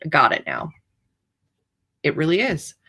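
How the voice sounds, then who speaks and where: A woman's voice: deep voice, huge pitch swings, a little slow, vocal fry, bright, forceful tone, slightly rough. A woman author hosting a livestream, chatting casually in a rambling, playfully dramatic way. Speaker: author hosting writing sprints.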